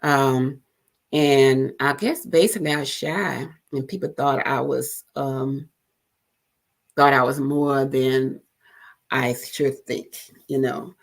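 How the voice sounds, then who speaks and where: A middle-aged woman hosting an encouraging talk show, speaking gently and pausing with fillers and restarts. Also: deep voice, creaky. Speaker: host.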